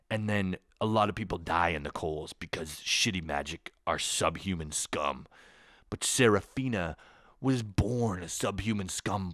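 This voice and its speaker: A man's voice: on the low side, bright, forceful tone, dry recording, studio quality. A Canadian man in his twenties ranting profanely in a comedic monologue, swinging into bursts of mock voices. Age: 20s. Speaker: comedian podcast host.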